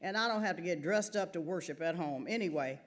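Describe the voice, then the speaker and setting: A woman's voice: lowish voice, fairly quick, lightly acted. A woman reading aloud and voicing a blunt, teasing churchgoing mother in her eighties. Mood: chatty. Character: sassy churchgoing elderly mother, eighty-one.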